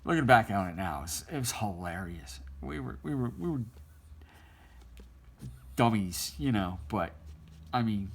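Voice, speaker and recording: A middle-aged man with a fairly low voice tells an old story while he draws. He rambles and restarts, and he laughs often as he talks. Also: expressive, a little slow, gravelly, pauses often, breathy edge. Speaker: artist drawing on stream. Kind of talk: casual storytelling while drawing.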